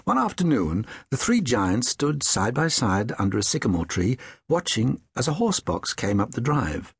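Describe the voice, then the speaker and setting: A man narrating a children's audiobook with expressive, lively storytelling. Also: mid-range voice, normal speed, gravelly, slightly rough, dry recording.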